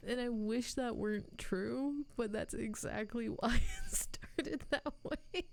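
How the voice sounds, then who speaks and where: Woman streamer, slightly high voice, unhurried, chatty and self-deprecating, talks to chat while playing. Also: big pitch swings, gravelly, darkish tone, a little hiss or hum. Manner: chatty and self-mocking, laughs often. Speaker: game streamer.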